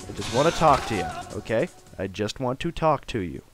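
A young man giving joking let's play commentary, swearing often and bursting into shouts. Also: mid-range voice, expressive, normal speed, hardly any pauses, soft background music. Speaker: gamer.

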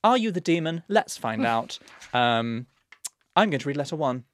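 A man's voice: mid-range voice, big pitch swings, moderate pace. A man co-hosting a podcast, chatting casually in a playful, teasing, mock-grand way. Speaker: podcast co-host.

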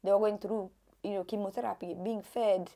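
A young woman from Kenya, chatty and animated, telling her own story to camera in a casual vlog, laughing often. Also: medium pitch, fairly quick. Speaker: vlogger.

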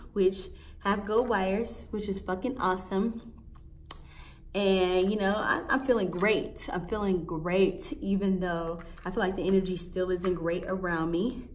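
Young woman vlogger, middle pitch, casual profane storytime rant, animated and exasperated. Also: a little slow.

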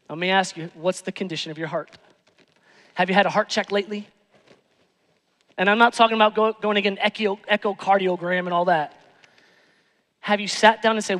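A man's voice: sits high, normal speed, pauses often, a bit bright, in a large hall. A man preaching a sermon as pastor, emphatic, repeating phrases and asking rhetorical questions. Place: church sanctuary.

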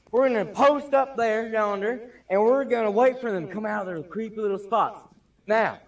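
A man voicing a fired-up squad leader in a comedic skit who keeps telling his squad to calm down. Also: extremely high pitch, recorded from a distance, full character voice. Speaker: squad leader in a fan video.

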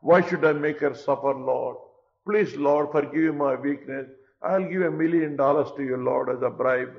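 A man voicing a weak-willed king who pleads and bargains with God to escape his vow, speaking lower and quieter than his preaching voice. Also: normal speed, vocal fry, natural voice. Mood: wheedling, pleading. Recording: dull lo-fi recording.

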